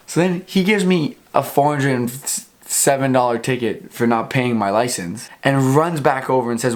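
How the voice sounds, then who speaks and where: A man's voice: mid-range voice, fairly quick, hardly any pauses. Young man telling a story. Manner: animated, swears freely, acts out both sides of the exchange. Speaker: vlogger. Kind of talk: casual storytelling.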